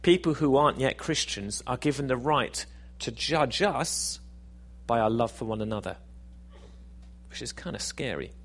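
A man's voice: medium pitch, lively intonation, moderate pace, fairly bright tone, a little hiss or hum. A man preaching a sermon in a conversational, self-deprecating, jokey way.

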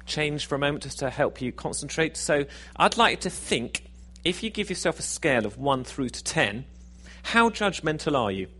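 A man's voice: on the high side, sing-song, moderate pace, few pauses, bright, forceful tone, husky. A man preaching a sermon in a conversational, self-deprecating, jokey way.

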